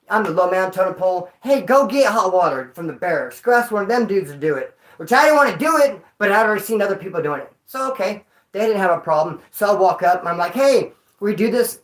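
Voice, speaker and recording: Male streamer, rambling storyteller, street slang and swearing, swings from loud to muttered. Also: high voice, rough recording. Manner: jumps between loud bursts and mutters. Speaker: livestreamer. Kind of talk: casual storytelling to a live chat.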